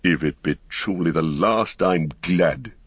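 A man voicing a bitter, fallen old wizard who talks slowly and mockingly, in an audiobook reading. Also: deep voice, husky, dry recording, full character voice. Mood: scornful. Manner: slow, sneering, mocking.

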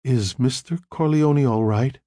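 A man's voice: mid-range voice, measured pace, dark tone, dry recording, clean studio sound, close to an everyday voice. A man voicing a timid, polite young woman asking anxious questions in an audiobook reading. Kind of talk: audiobook narration.

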